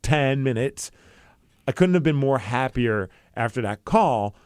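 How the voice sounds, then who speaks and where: Clear and resonant, a medium-pitched male voice recounts a personal story with earnest emotion, a little slowly yet animated. He's a radio and podcast host in his studio, giving voice to the people he quotes, and the sound is studio quality without echo.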